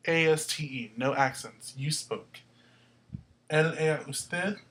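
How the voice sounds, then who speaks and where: A man's voice: fairly high pitch, slow, a bit bright, slight background noise, low-quality recording. A young man hosting a casual language tutorial, explaining step by step and spelling out word endings letter by letter. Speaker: host, Spanish tutor. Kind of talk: casual whiteboard lesson.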